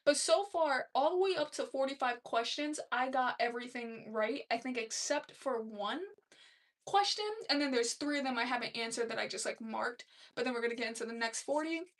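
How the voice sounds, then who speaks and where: A woman's voice: fairly high pitch, a little fast, distant mic. A young woman hosting a casual live stream, chatting loosely and laughing as she reads comments aloud. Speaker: livestream host.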